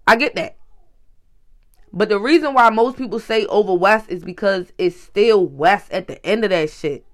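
Baltimore man, high pitch, blunt profane vlog rant, keeps checking in with the listener. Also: normal speed, a bit bright. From Baltimore, USA. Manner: profane, emphatic, keeps saying "you feel me". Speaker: vlogger. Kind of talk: casual ranting monologue.

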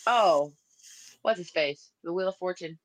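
A woman's voice: fairly low pitch, measured pace, rough recording. A woman co-hosting a podcast, chatting casually. She answers in a blunt, matter-of-fact way and brushes off claims she disagrees with. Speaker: podcast co-host. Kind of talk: casual chat.

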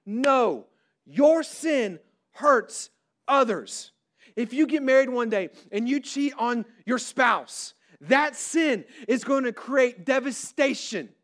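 High-voiced man preaching a sermon. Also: lively intonation, a bit bright. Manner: preaching with rising emphasis, drawn-out stressed words. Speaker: pastor. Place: large hall before a crowd.

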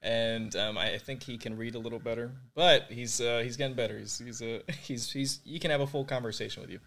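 A man's voice: medium pitch, fairly even intonation, brisk, fairly bright tone. A young man raised in Puerto Rico, a podcast guest earnestly recounting his faith journey, with many "like"s and "you know"s. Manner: earnest and reflective, heavy use of "like" and "you know". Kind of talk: candid interview conversation.

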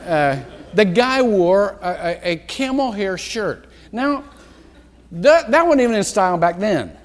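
A male pastor delivers a sermon in a church sanctuary. His voice sits high and swings widely in pitch as he breaks into himself with side remarks and soft chuckles. A long church reverb trails each phrase. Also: lively intonation, a little hiss or hum. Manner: rambling, self-interrupting, with quick asides and chuckles.

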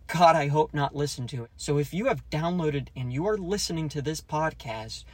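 A man's voice: a little high, moderate pace, no echo. Man hosting a jokey solo movie podcast. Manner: jokey, ranting, mock-conspiratorial; acts out quoted lines in raised voices. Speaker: podcast host.

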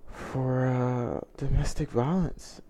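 A man's voice: mid-range voice, steady tone, slow, mellow. A man telling a personal story in a confessional vlog, earnest and reflective, often restarting his sentences. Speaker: vlogger.

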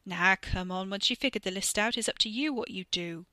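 A woman's voice: medium pitch, fairly quick, pushed and bright, no echo, natural voice. A woman voicing a volatile, drugged young man who talks in broad, swaggering slang. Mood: subdued.

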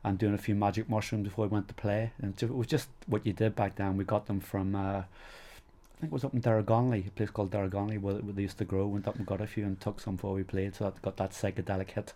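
A middle-aged man with a Northern Irish accent speaks in a fairly low voice. He tells stories as an interview guest in a chatty, rambling way, padding his sentences with "you know". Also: flat delivery, quick pace, dark tone. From Northern Ireland. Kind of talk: casual storytelling interview.

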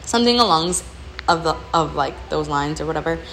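A woman's voice: sits low, lively intonation, brisk, fairly bright tone. A young woman hosting a podcast, talking candidly and rambling about her hectic life while in back pain. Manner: candid, rambling, frequent "like" and "literally". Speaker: podcast host. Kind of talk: casual venting monologue. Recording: poor mic with faint background hiss.

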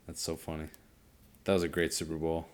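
A man's voice: very deep voice, monotone, fairly quick. A young man co-hosting a podcast, laid-back in casual chat and reacting with short exclamations. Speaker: podcast co-host.

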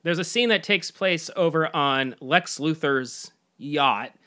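A man co-hosting a casual movie podcast, chatting loosely, laughing often and doing quick mock impressions of characters. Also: fairly high pitch, bright, forceful tone. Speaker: podcast co-host. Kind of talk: casual movie review chat.

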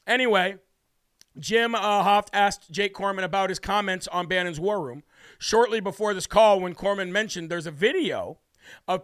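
A man's voice: high voice, a bit bright, dry recording. An American man hosting a political talk show, brashly ranting and heatedly mocking officials with opinionated commentary.

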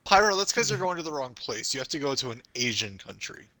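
American guy in a podcast chat, bright voice, dry close sound, earnest. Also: medium pitch, big pitch swings, fast talker, no room sound. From USA. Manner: earnest, chuckling. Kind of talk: casual chat.

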